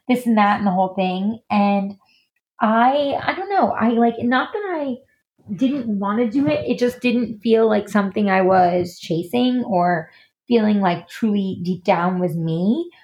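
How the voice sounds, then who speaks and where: A woman's voice: medium pitch, measured pace, darkish tone. A woman guest in a casual podcast interview, chatty and full of "like" and "um" fillers. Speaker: guest, stylist and designer.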